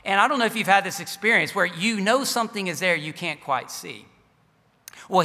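High-voiced preacher in an echoing hall. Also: male voice, sharp tone. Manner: earnest, storytelling with varied volume. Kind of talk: sermon storytelling. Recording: long reverb of a large hall.

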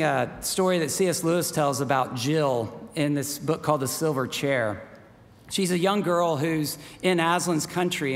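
Male pastor, sermon, chatty storyteller, slightly high voice, long room echo. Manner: conversational, acts out quoted voices in the story.

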